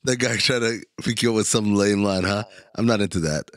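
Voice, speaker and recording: A man's voice: fairly low pitch, steady tone, no echo, studio quality. A man co-hosting a casual podcast, trading profane jokes and banter. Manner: joking, profane, quick to laugh. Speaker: podcast co-host.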